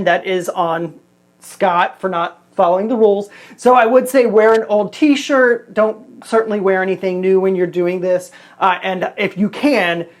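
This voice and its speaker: A man's voice: high voice, dry recording. A man in his forties chatting casually in a vlog, reviewing a hair product in a rambling, self-deprecating way. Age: 40s.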